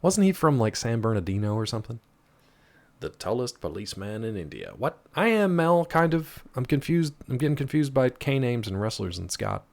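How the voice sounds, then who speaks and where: A man's voice: mid-range voice, big pitch swings, moderate pace, gravelly, darkish tone. A man streaming a game live, chatting casually and teasing his chat as he answers them.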